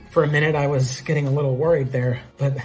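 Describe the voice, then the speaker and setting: A man's voice: a little high, steady tone, brisk, darkish tone, faint music behind, natural voice. A man voicing an adult female police agent in a plain, wry way.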